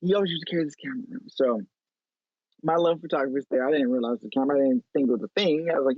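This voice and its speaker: A man's voice: medium pitch, rapid-fire, no room sound. Chatty chicago guy on a remote call, tinny phone sound, dry, mid voice. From Chicago, USA. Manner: animated, chatty, lots of "like". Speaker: guest photo editor. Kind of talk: casual interview storytelling.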